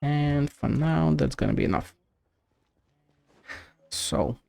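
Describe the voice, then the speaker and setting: Gravelly man muttering over a game. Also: fairly high pitch, slow pace, warm tone. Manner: offhand, swears and mutters at the game. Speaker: streamer. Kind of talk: casual game-stream chat.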